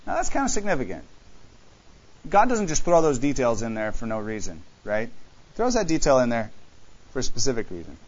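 A man preaching a sermon, animated and full of rhetorical questions, reading scripture aloud. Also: medium pitch, brisk, long pauses, highs cut off.

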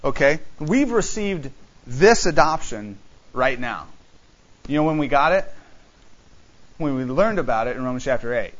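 Male preacher, mid-pitched, lively sermon delivery with rhetorical questions, slightly muffled recording. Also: moderate pace, pauses often. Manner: animated, rhetorical questions, reads scripture aloud.

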